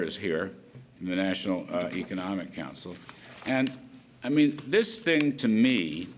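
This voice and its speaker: Older male official, lowish voice, loose off-the-cuff speech, faint room hum. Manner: rambling, folksy asides. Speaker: government economic official. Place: conference hall at an event.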